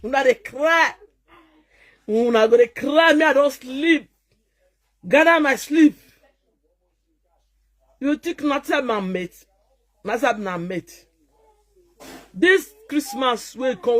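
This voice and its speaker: A woman from Nigeria with a Nigerian Pidgin English accent, a social media vlogger delivering a mocking, scolding rant to her viewers. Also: high-pitched.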